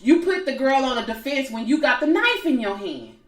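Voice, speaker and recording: A podcast co-host with a high, brisk voice casually retells reality TV drama. She's an animated storyteller who acts out the people she quotes. The sound is roomy, and she's distant from the mic.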